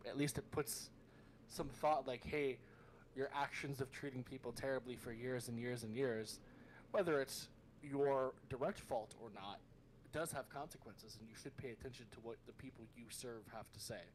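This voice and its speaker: A man on a casual podcast, speaking softly in a measured, reasoned way. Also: mid-range voice, slight background noise, low-quality recording.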